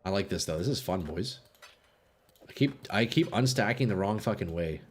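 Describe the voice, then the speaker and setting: Male streamer, young adult, animated pitch, foul-mouthed live chat. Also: moderate pace, slight background noise. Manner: swears a lot, laughs and rambles to chat. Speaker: game streamer. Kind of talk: live gameplay chat with viewers.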